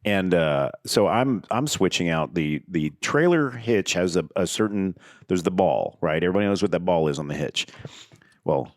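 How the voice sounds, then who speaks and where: A man's voice: deep voice, lively intonation, normal speed, dry recording, studio quality. A middle-aged man co-hosting a podcast, chatting casually, joking and teasing with a ready laugh. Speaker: podcast co-host. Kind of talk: casual chat.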